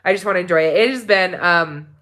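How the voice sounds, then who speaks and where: A woman vlogger living in Mexico, chatting casually and warmly to her viewers, rambling with many ums and restarts. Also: on the low side, fast. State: tearful near the end. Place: home in Mexico.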